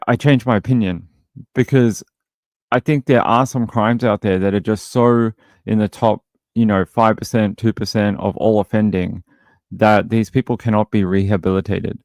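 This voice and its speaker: A man's voice: on the low side, dry recording. An Australian man hosting a true crime livestream, casually reading out viewer comments and answering them in a blunt, opinionated way with lots of fillers.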